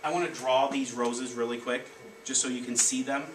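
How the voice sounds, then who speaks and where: A man's voice: medium pitch, normal speed. Man teaching a class, echoey room. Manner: energetic, directive, call-and-response prompting. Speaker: elementary school teacher. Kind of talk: leading a classroom math lesson. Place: elementary school classroom. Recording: echoey classroom, distant mic, background noise.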